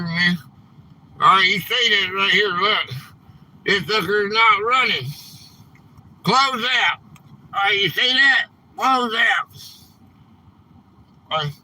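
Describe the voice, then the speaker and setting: A man hosting a casual live stream, rambling and quick to get frustrated, saying "man" a lot. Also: sits high, bright, forceful tone, poor audio. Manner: rambling, easily frustrated, says "man" often.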